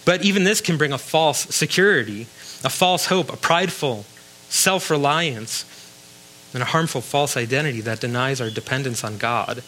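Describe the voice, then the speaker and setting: A man's voice: mid-range voice, normal speed, bright, forceful tone, slight background noise, poor audio. A man preaching a sermon in a conversational way, reading scripture and adding wry asides. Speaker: pastor.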